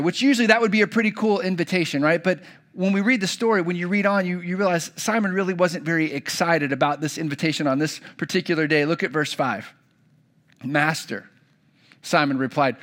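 A man's voice: a little high, fairly quick, fairly bright tone. A young adult man preaching a sermon to kids, telling a story and acting out the characters' lines. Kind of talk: children's sermon.

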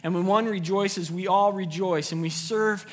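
A man's voice: high voice, steady tone, moderate pace, long reverb tail. A man preaching a sermon to his congregation, earnest and emphatic, repeating key phrases for weight. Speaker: pastor. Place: church sanctuary.

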